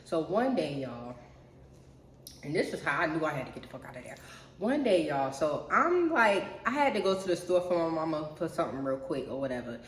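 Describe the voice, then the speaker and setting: A woman's voice: sits low, very animated, fairly quick, slight background noise. A young adult woman telling a personal story in a casual, profane monologue, often speaking straight to her viewers. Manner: chatty, profane, keeps addressing viewers as y'all. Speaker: storyteller vlogger. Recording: roomy echo.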